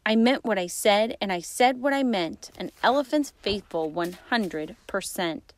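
A woman voicing a huge, kind and faithful male elephant, earnest and steady, in a storybook reading. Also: medium pitch, a little slow, natural voice. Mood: steadfast.

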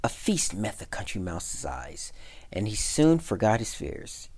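A man, a community center director, reading a fable aloud with expressive storytelling. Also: on the low side, measured pace, breathy edge.

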